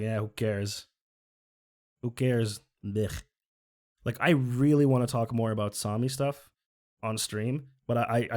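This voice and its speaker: A man's voice: mid-range voice, darkish tone. A man from Finland, chatting earnestly as a streamer while reacting to a video, often correcting himself. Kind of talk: casual reaction commentary.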